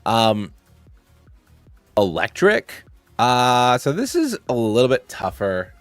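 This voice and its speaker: A man's voice: medium pitch, huge pitch swings, slow pace, no room sound, soft background music. A young man hosting a channel, talking through his picks in a rambling, playful way, with lots of fillers. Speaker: channel host. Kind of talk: casual gaming commentary.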